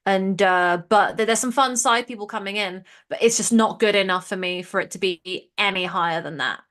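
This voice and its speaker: A woman's voice: medium pitch, moderate pace, a bit bright. A woman co-hosting a live episode rewatch show, chatting casually, laughing easily and restarting her sentences. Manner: chatty, giggly, restarts often. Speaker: podcast co-host.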